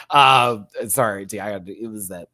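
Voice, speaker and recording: A man with a fairly low voice delivers a casual, rant-style review of a show at an unhurried pace. He's sassy and animated, laughing often and slipping into mock voices.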